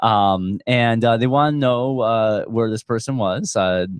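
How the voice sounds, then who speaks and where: A man's voice: medium pitch, measured pace, clear, resonant tone, no room sound, clean studio sound. A man hosting a podcast in casual chat, rambling and profane with lots of fillers. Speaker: podcast host. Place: small podcast studio.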